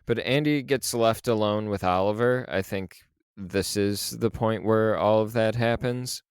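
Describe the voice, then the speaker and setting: Male podcast co-host, low and smooth, animated and profane, recorded dry and close. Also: a little slow, dry recording. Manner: animated, profane storytelling with frequent laughs. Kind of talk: casual film discussion.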